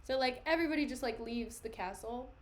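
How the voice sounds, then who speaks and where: A woman's voice: high voice, brisk. A young woman streaming a play reading, joking in chatty asides between the lines. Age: young adult. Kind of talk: casual dramatic reading with commentary.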